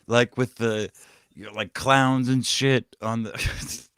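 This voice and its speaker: A man's voice: medium pitch, fairly even intonation, takes it slowly, a bit bright, clear, resonant tone, no echo, studio quality. A man co-hosting a casual podcast, telling stories in a crude, profane way. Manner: crude, profane storytelling with laughs.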